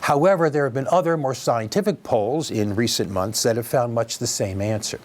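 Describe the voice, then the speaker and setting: A man's voice: mid-range voice, moderate pace. A man hosting a news commentary program, giving opinionated, wry remarks and addressing listeners directly. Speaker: commentary host.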